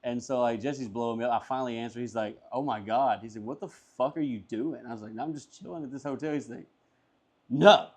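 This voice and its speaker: A man's voice: mid-range voice, fast, few pauses. A man, a comedian guest, telling a long story casually, swearing freely and acting out everyone's lines. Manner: profane, animated, acts out dialogue.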